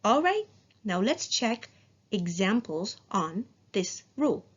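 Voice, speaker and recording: Female teacher, unhurried, clear word-by-word delivery, slightly muffled lo-fi recording. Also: mid-range voice, very animated. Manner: slow, clear, asks the class questions and answers them herself. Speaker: English teacher. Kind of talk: recorded phonics lesson.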